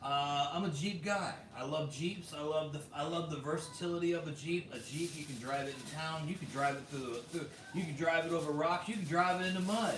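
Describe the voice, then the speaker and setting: A man's voice: a little high, brisk, few pauses, distant mic. An American man hosting a casual vlog, reading viewer comments in a chatty way with lots of fillers and laughs. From United States. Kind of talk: casual livestream chat. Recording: roomy echo, a bit off mic, faint background hum.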